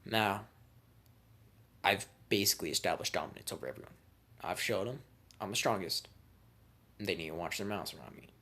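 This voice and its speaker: A man's voice: low-pitched, moderate pace, long pauses, bright, forceful tone. A man telling a profane, boastful comedic story in a casual way.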